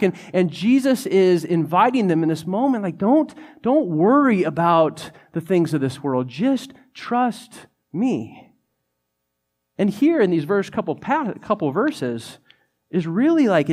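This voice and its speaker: A young man preaching a sermon in a conversational, animated way, often saying "like". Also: high voice. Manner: conversational, animated, many "like" fillers.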